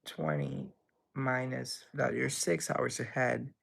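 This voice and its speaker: A man's voice: mid-range voice, big pitch swings, takes it slowly, vocal fry, a bit bright, breathy edge. A young man hosting a livestream, reading chat messages aloud and answering them in a rambling, playful way. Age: young adult. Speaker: livestream host.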